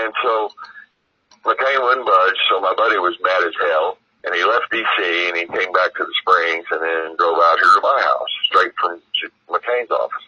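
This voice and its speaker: A man's voice: deep voice, moderate pace, slightly rough, no room sound, dull audio. A man guest telling a long, meandering story, full of fillers and asides. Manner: meandering, heavy on fillers and "you know". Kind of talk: rambling storytelling.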